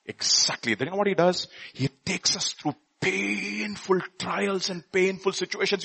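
A middle-aged man preaching a sermon, passionate and full of rhetorical questions, dropping to a hush and then rising to a shout. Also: high voice, measured pace, creaky, hardly any pauses, husky. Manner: impassioned, swinging from hushed to shouting; asks the listeners rhetorical questions.

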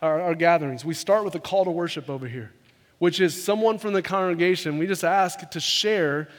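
A man preaching a sermon to his congregation in an earnest, conversational way, often repeating words as he rushes ahead. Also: fairly high pitch. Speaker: pastor. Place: church sanctuary. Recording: long hall reverb.

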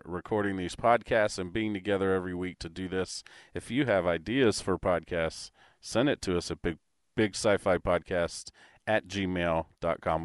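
A man's voice: low-pitched, smooth, dry recording, studio quality. A man co-hosting a podcast, talking in a reflective, earnest way. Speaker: podcast co-host. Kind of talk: casual chat.

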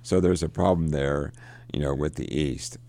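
Deep gravelly man, casual literary chat, halting delivery. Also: mellow. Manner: halting, many restarts and fillers. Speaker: literature discussant. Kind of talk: casual literary discussion with read-aloud passages.

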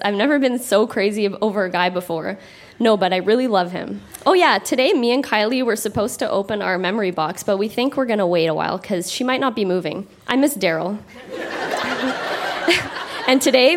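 A woman's voice: fairly high pitch, slight background noise. A woman reads her old diary aloud on a theatre stage, wry and breaking into laughter between entries. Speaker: reader on stage. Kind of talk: reading childhood diary aloud to a live audience.

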